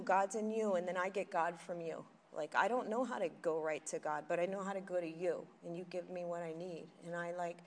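A woman giving a candid, animated personal testimony at a recovery meeting, acting out the voices in her story. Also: fairly low pitch. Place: meeting hall with audience. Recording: faint noise, long hall reverb.

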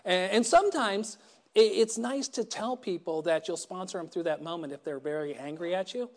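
A man's voice: sits high, expressive, moderate pace. Wry middle-aged man telling his story. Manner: wry, self-deprecating storytelling; frequent stammered restarts. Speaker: recovery meeting speaker. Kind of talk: personal recovery talk.

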